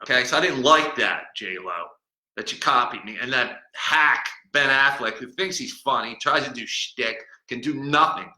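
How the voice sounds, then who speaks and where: A man's voice: mid-range voice, normal speed, bright, forceful tone. A man hosting a comedic podcast as a boastful, cranky talking-bottle persona, rambling and mocking and stumbling over words. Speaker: podcast host. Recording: echoey room.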